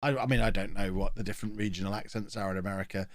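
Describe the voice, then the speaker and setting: A man's voice: on the low side, steady tone, rapid-fire, no echo. A man with a blocked nose, chatting and joking through a live-streamed game commentary as he reacts to his chat.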